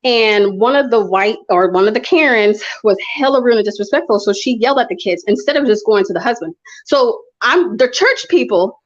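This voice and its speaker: A woman's voice: fairly high pitch, expressive, fairly quick. A woman in her thirties talking passionately in a casual conversation, telling stories with frequent restarts. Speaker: guest speaker. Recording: dull lo-fi audio.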